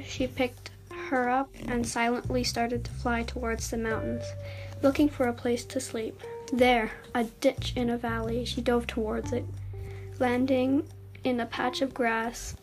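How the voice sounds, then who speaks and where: A woman reads her own fan story aloud on her channel with a fairly high voice. Her reading is casual and unpolished, with slips and self-corrections along the way. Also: darkish tone.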